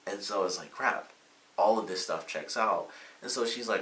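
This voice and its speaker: A deep-voiced man with a slightly bright tone talks at a moderate pace through a loose, rambling TV episode recap full of fillers. The recording is echoey and faintly hissy, his voice distant from the mic.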